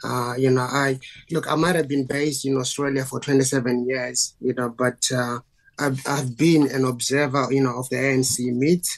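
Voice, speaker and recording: A man's voice: mid-range voice, flat delivery, moderate pace. A man with a South African accent, a guest on a radio interview, speaking earnestly and saying "you know" often.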